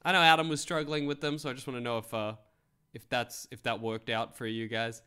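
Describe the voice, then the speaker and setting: A man's voice: mid-range voice, fairly quick, clear, resonant tone. A young man streaming, joking and swearing as he reads web articles aloud. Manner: joking, animated, swears freely. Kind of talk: casual commentary reading web articles.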